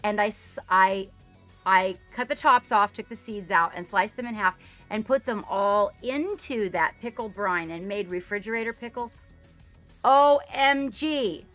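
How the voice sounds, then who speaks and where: A woman live-streaming from her home studio, chatting casually with viewers, bubbly and quick to laugh at herself. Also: mid-range voice, bright, forceful tone, soft background music.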